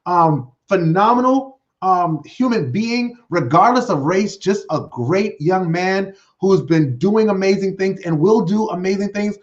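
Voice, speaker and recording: A high-pitched man hosts his own solo livestream talk show from a home desk with a green screen, rambling excitedly and tripping over fillers and restarts. His pace is measured with hardly any pauses. A computer webcam mic makes the sound dull and lo-fi.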